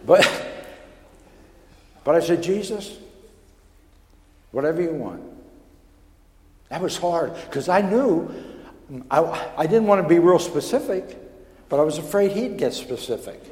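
A man preaching a personal testimony, telling his story in a stammering, animated way that builds in excitement. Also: on the high side, a little hiss or hum. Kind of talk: sermon testimony. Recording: echoey hall with long reverb.

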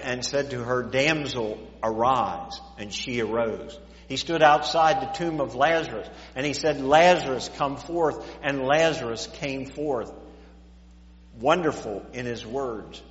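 A man's voice: medium pitch, fairly bright tone. A man preaching a sermon in a church, repeating words as he stammers and rising and falling in volume. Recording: echoey dull church hall recording.

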